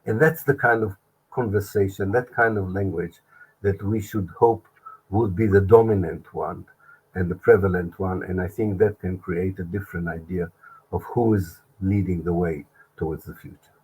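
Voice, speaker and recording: Husky, low-voiced older man, halting. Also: fairly even intonation, a little mellow, rough recording. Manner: earnest, halting with many restarts. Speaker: historian guest. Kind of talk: interview answer.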